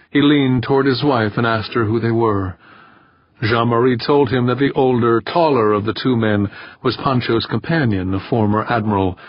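A man reading a novel aloud in a steady, measured narration. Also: mid-range voice, no room sound. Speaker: audiobook narrator. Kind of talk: scripted narration. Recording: dull lo-fi dry recording.

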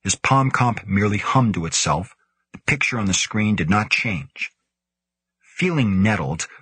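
A man narrating a science-fiction audiobook in a measured, steady way. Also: on the low side, slightly rough, dry recording. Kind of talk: scripted narration.

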